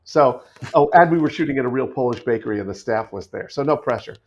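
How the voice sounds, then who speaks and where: Speaking quickly in a mid-range voice, this American guest actor tells stories with animation on a casual podcast, often starting over mid-thought. His remote recording has a dull, lo-fi quality.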